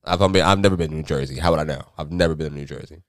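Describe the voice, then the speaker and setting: A man's voice: extremely low pitch, very fast, dry recording, clean studio sound. A young man from Florida hosting a podcast, talking in a laid-back, slangy way and laughing often. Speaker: podcast host. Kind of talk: casual chat.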